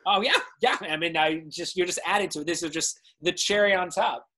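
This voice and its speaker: A man's voice: high voice, brisk, bright, forceful tone. Upbeat young male livestream host. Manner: upbeat, laughs often, reads viewer questions. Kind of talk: hosting a live interview show.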